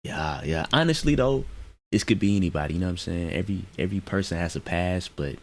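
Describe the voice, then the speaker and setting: A man with a low, gravelly voice tosses off loose, slangy jokes while reacting to clips. His pitch swings widely as he riffs. It is casual reaction commentary. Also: expressive, fast talker. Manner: loose, joking, slangy asides.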